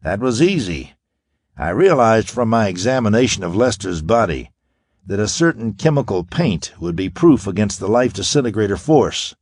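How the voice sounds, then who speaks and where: A man playing a calm, brilliant young space hero in a pulp audiobook, speaking with cool assurance. The voice is deep with a lively lift. It is recorded close and dry. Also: no room sound.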